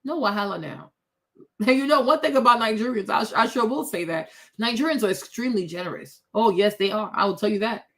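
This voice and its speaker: A woman's voice: medium pitch, lively intonation, fairly quick, vocal fry. A woman hosting opinionated commentary, blunt and sassy, talking straight to her viewers. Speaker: commentary host.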